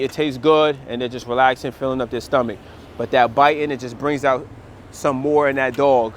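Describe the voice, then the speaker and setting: A man's voice: a little high, slight background noise. A man who trains dogs, chatting casually and with slang straight to his viewers while standing outdoors by a store. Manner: relaxed, conversational, slangy, talks straight to viewers. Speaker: dog trainer. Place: outdoors by a store in a built-up area.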